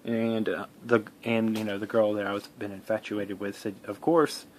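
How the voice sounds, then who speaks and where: A man's voice: lowish voice, little pitch movement, normal speed, slight background noise. A man telling a personal story in a casual vlog, rambling, with many fillers, restarts and some swearing.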